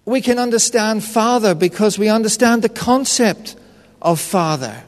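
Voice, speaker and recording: A man preaching a sermon in an earnest, personal storytelling manner. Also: sits high. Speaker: pastor. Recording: echoey hall reverb.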